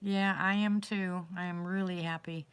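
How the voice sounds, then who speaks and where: A chatty woman hosting a relaxed talk show, her voice sitting a little low. She tells stories freely and laughs easily, speaking gratefully and with plain faith. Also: moderate pace, a little hiss or hum. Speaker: host. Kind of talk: casual chat.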